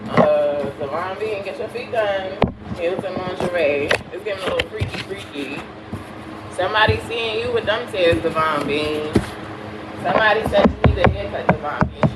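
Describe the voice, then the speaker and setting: A woman with a Caribbean accent, a spiritual reader chatting bluntly and preachily to her viewers, repeating herself. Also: lowish voice. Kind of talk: casual spiritual chat to viewers. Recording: roomy, far from mic, loud background noise.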